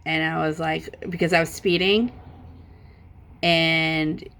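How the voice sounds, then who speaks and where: A middle-aged woman with a low, gravelly voice tells a rambling story in a casual, animated way. She swears freely and pushes her voice up sharply on emphatic points. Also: slow pace. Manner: animated, profane, voice jumps up when emphatic. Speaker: vlogger.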